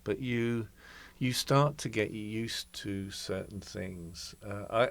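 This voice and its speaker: A man's voice: lowish voice, slow pace, gravelly. A man in his sixties, a guest in a conversational interview, telling anecdotes in a reflective way.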